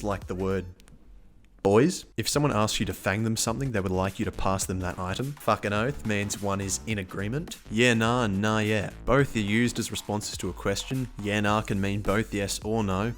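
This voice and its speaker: An Australian man giving a casual, scripted explainer in a wry, blunt way, swearing freely. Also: lowish voice. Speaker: vlogger.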